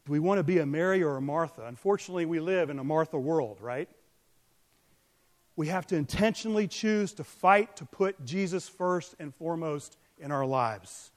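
A man preaching a sermon, earnest, swinging from loud emphatic peaks down to soft, quiet remarks. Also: fairly high pitch, lively intonation, moderate pace, big-room sound. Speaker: pastor.

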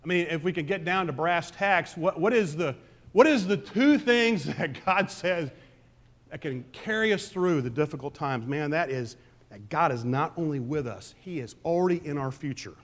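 Pastor guy preaching, bit high voiced, gets loud then drops real quiet. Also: expressive, moderate pace. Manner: emphatic, conversational preaching with swings from loud to soft. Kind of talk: sermon. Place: church sanctuary.

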